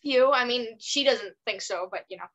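A woman's voice: on the high side, normal speed, fairly bright tone, rough recording. A woman co-hosting a podcast who asks the guest questions in a playful, giggly way. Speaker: podcast co-host. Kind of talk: casual podcast interviewing.

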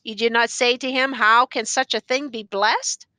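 A woman reading the part of a grave male judge who questions the accused in a stern, measured way. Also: fairly high pitch, fairly even intonation, sharp tone, dry recording.

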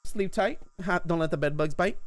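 High, excitable young streamer guy. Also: normal speed, dry recording. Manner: excitable, shrieks when scared. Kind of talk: live gameplay commentary.

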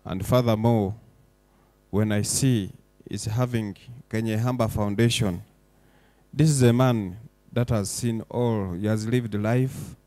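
A man's voice: on the low side, fairly even intonation, takes it slowly, dry recording. A young man giving an emotional, impassioned public speech as a foundation director. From Uganda. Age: young adult. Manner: impassioned, rising to forceful declarations. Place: event hall.

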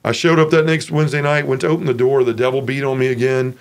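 A man's voice: fast talker, few pauses. A man giving an earnest, emotional personal testimony as an interview guest, acting out other people's voices as he tells the story. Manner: animated, acts out others' voices with raised pitch.

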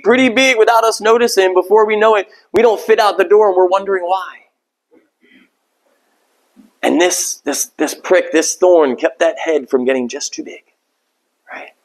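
A pastor delivers a sermon in a relaxed, conversational way, poking fun at himself as he goes. His male voice sits fairly high. He slips into little acted-out voices when he quotes people. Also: normal speed, poor audio. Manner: conversational, self-deprecating, acts out quoted voices.

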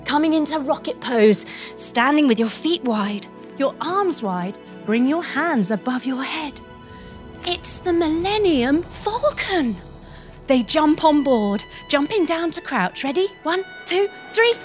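Bright, lively woman leading kids' yoga. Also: sits high, takes it slowly, faint music behind. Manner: lively and encouraging, guiding moves step by step. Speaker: children's yoga instructor. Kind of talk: storytelling yoga lesson for kids.

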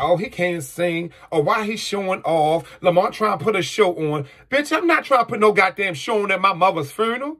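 A man in an emotional personal monologue, blunt, profane and emphatic, with a husky voice. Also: high voice, bright, forceful tone. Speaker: vlogger.

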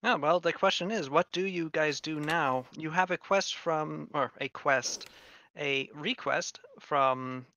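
A man running a tabletop game as game master, narrating and giving wry, deadpan rulings. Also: fairly high pitch, takes it slowly.

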